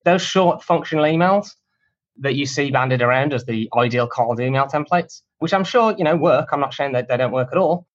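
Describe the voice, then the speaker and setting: A man's voice: mid-range voice, moderate pace. Chatty man on a dull lo-fi line. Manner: chatty, self-deprecating, cheeky humor. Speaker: guest, cold email marketer. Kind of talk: casual conversational interview answers.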